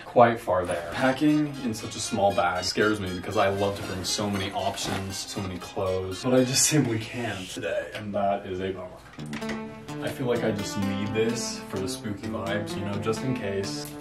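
A man's voice: on the low side, normal speed. A young man chatting casually to his camera at home, rambling with self-mocking asides while he packs. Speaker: vlogger. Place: at home indoors while packing. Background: background music.

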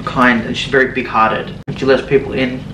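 A jokey Australian man chatting casually as a guest, quick to tease. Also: mid-range voice, little pitch movement, a bit bright, a little hiss or hum. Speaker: guest YouTuber. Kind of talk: casual chat. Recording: roomy, distant mic, faint ambience.

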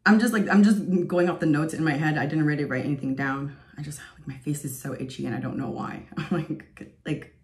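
A woman's voice: deep voice, brisk, few pauses, a little mellow. A woman in her thirties giving an earnest, emotional spoken testimony as a vlogger, rambling with lots of fillers. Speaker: faith vlogger.

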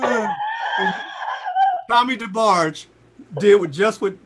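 A man in his sixties, a singer, telling lively stories in a casual interview and jumping into high voices for quotes. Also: a little slow, pauses often, background noise. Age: 60s. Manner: animated storyteller, jumps into high voices for quotes. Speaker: singer and guest.

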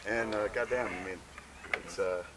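A man fronting a band talks between songs at an outdoor campsite show. His stage banter rambles, loose and profane, with plenty of swearing and trailing asides. Loud live music fills the space behind him. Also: deep voice, moderate pace. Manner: rambling, profane, laid-back.

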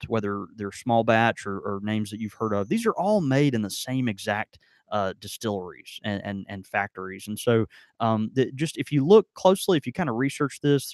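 A man's voice: mid-range voice, a little mellow, no echo, studio quality. A man co-hosting a podcast, chatting casually and rambling with many fillers and restarts. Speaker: podcast co-host. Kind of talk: casual tasting chat. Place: in Mississippi.

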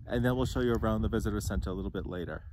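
A man's voice: fairly low pitch, rapid-fire. An older man co-hosting a travel vlog on a volcano crater, explaining plainly with small fillers, a little out of breath. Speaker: vlog co-host. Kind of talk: casual chat while hiking. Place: outdoors on a windy volcano crater. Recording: loud outdoor wind noise.

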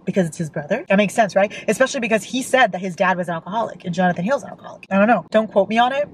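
A woman's voice: medium pitch, rapid-fire, a little hiss or hum, poor audio. A young woman reading a novel aloud and reacting with emotional outbursts, as a book vlogger.

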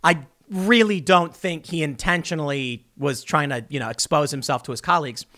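A man hosting a political commentary vlog, talking casually with animated sarcasm. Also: fairly high pitch, normal speed. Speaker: host.

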